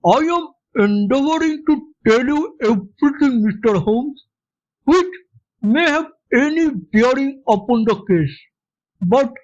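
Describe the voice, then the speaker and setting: A woman reading a classic detective story aloud, deliberately and expressively. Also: high voice, a little mellow. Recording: dull lo-fi recording.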